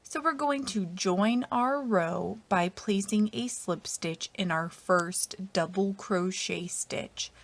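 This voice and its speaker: At an unhurried, deliberate pace, a woman with an ordinary middle-pitched voice guides listeners through a crochet pattern step by step. The instructor's narration is patient and methodical, often trailing off softly at the ends of lines.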